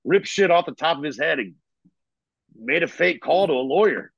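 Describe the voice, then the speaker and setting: A man's voice: on the high side, lively intonation, moderate pace, vocal fry, fairly bright tone, husky, no room sound. A man in a casual chat telling rambling, profane stories about the old days, heard over earbuds on a remote call. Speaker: guest musician. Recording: dull lo-fi remote audio.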